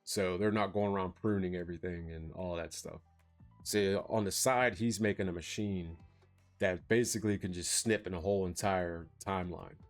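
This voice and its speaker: A man's voice: deep voice, fairly even intonation, moderate pace, faint music behind. A man casually recapping a movie plot for a review vlog, rambling with lots of fillers. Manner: rambling, filler-heavy, laughs while retelling.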